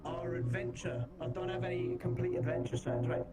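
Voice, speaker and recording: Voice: mid-range voice, little pitch movement, fairly quick, loud music behind the voice. A streamer chatting in a roleplay, playful and emphatic, swearing casually.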